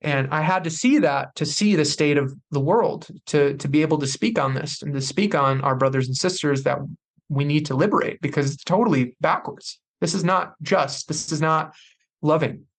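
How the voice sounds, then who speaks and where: Casting: young man, slightly high voice, intense podcast storyteller who acts out the people in his story. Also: normal speed. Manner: intense, animated retelling with acted quotes. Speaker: podcast guest. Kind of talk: personal storytelling.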